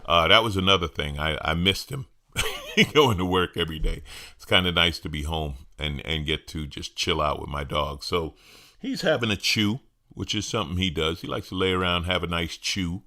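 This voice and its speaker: A middle-aged man with a very low voice hosts a solo podcast from his home. His tone is bright and forward, and his delivery is wry and chatty, with restarts as he works into each thought. It sounds like a relaxed talk-show monologue. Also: normal speed. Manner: wry, conversational, repeats words when starting sentences. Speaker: podcast host, comedian. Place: at home with his dog nearby.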